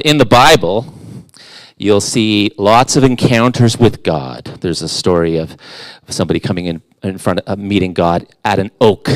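A man's voice: lowish voice, no room sound. A middle-aged man preaching a conversational sermon as a guest in church, casual and self-deprecating, with playful asides.

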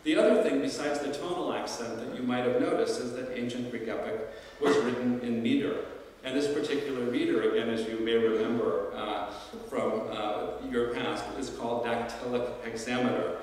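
In a lecture hall, a classics professor speaks to alumni in a reflective, exploratory manner, often restarting sentences and using fillers. His voice is mid-range and somewhat dark, at a normal speed. The recording is distant, with the sound of a spacious room.

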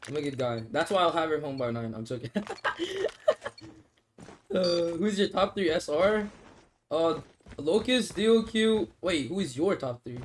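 A man's voice: fairly high pitch, expressive, unhurried, pauses often, noisy background. Joking young man streaming. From Australia. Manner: laid-back, joking, swears, laughs often; talks while eating noodles. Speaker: mobile game streamer. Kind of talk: casual livestream chat, reading comments.

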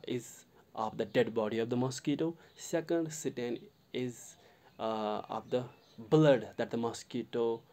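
A man with a Kashmiri English accent explaining a poem line by line to students, halting often and repeating himself. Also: mid-range voice, a little mellow. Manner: halting, many fillers and restarts, addresses the listener directly. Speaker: literature teacher.

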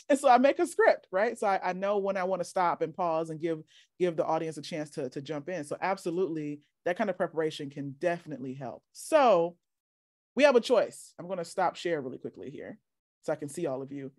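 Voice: medium pitch, animated, fairly quick, darkish tone, no room sound, clean studio sound. A workshop leader teaching casually over a video call, chatty and encouraging, often asking "right?".

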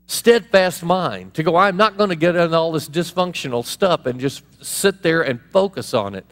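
Male pastor, animated and chatty, preaching in a reverberant church hall. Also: a little high, normal speed, hardly any pauses. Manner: animated, conversational preaching with laughs and asides. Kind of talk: sermon.

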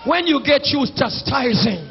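A Jamaican bishop preaching at full volume, his voice pitched high and stretched out slowly over each plea. Music plays under him, and the recording sounds dull and lo-fi, like an old church tape. He drops into a singsong chant between his shouted calls to the congregation. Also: animated, vocal fry. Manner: shouting, drawn-out exhortation, singsong pleas. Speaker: bishop and senior pastor. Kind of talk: fiery preached sermon with call and response.

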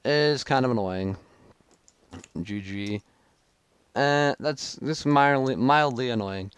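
A young gaming video creator gives live commentary on his own match, frustrated and self-critical, breaking into sudden outbursts. His medium-pitched voice is slow with a clean tone.

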